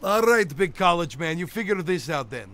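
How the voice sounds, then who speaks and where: A man's voice: high-pitched, sing-song, normal speed, a bit bright, a little hiss or hum. A man playing a boastful, teasing 212-year-old theme-park host who runs a comedic game show. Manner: brash, teasing, theatrical.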